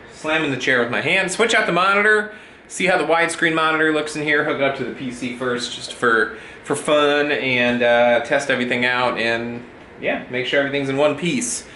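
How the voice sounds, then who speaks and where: Chatting easygoingly through a casual vlog, a tired man with a bright, mid-range voice rambles and addresses his cat. He's in a cold, drafty house, and the echoey room carries faint noise.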